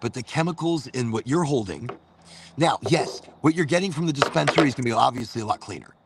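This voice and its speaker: A man's voice: medium pitch, lively intonation, fast, noisy background. A man hosting a casual chat, talking loosely and rambling with lots of swearing. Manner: loose, profane, rambling storyteller. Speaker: host.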